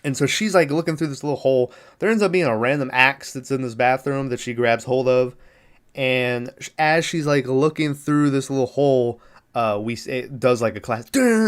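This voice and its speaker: A man's voice: mid-range voice, a bit bright, clear, resonant tone. A man hosting a podcast, retelling a movie plot in a loose, rambling way, full of filler words and swearing. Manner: rambling, filler-heavy, profane, laughs at the film. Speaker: podcast host. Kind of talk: casual movie recap.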